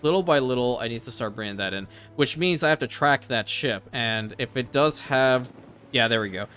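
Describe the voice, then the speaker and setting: A man with a bright, forceful voice talks through a strategy game in casual commentary, musing to himself and throwing in the odd swear word. Faint game music plays behind him. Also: medium pitch, moderate pace. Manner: thinks aloud, casual swearing. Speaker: let's play host.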